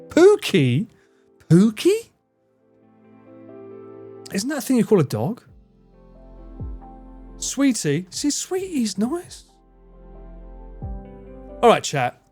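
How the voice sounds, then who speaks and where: A man with an Essex accent, streaming live and bantering with his chat. His pitch jumps around a lot and sits a little high for a man, and he swears and laughs freely. Faint music plays under him. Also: very slow, pauses often, breathy edge. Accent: English, Essex. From England. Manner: swears a lot, laughs often, animated and teasing.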